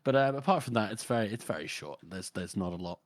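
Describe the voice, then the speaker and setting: A man's voice: on the low side, animated, fast, dry recording. A man co-hosting a book podcast, casually and a bit hesitantly explaining his rating. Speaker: podcast co-host. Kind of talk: casual chat.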